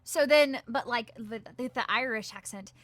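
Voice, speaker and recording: Bright-voiced Southern woman, bubbly chatter. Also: a little high, no room sound. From Georgia, US. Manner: bubbly, quick, many fillers and restarts. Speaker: guest voice actress. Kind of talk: casual interview chat.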